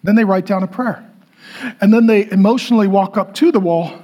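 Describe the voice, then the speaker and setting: A man preaching a sermon to a congregation, animated, with playful asides and sudden loud bursts. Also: high voice, fairly quick, dull audio. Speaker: pastor.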